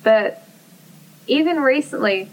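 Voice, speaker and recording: A woman's voice: sits high, animated, slow pace, distant mic, slight background noise, poor audio. A young woman in casual conversation, speaking candidly, swearing freely and acting out what people said to her. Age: young adult. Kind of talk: casual chat.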